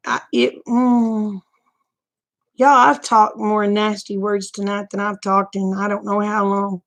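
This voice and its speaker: A woman's voice: mid-range voice, little pitch movement, a little slow, fairly bright tone. A middle-aged woman, chatting frankly and folksily to her viewers, laughing often. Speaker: vlogger. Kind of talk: casual livestream chat.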